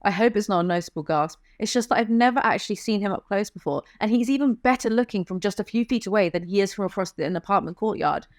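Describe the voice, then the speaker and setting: A woman's voice: medium pitch, quick pace, hardly any pauses, no room sound. Young woman doing a snarky book review, reads bits then roasts them, dry close sound. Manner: sarcastic, deadpan asides. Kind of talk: comedic book review, reading excerpts aloud.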